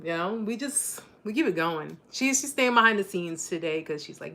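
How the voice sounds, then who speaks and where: A woman's voice: lowish voice, a little fast, few pauses, fairly bright tone. A woman in her forties hosting a casual live-stream chat, bubbly and joking, laughing often. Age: 40s.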